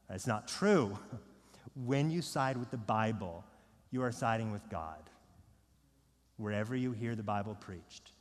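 Middle-aged guy preaching, kinda high voice, swings loud then low, long echo off the church walls. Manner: emphatic, building to raised peaks then dropping low. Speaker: pastor. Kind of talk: sermon. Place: church sanctuary. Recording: long hall reverb.

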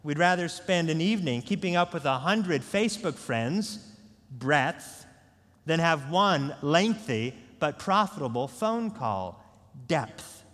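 Slow-preaching man in a big hall. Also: fairly high pitch, lively intonation, fairly bright tone. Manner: earnest, measured preaching with prayer. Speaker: pastor. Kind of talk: sermon. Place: large church sanctuary. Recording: long hall reverb.

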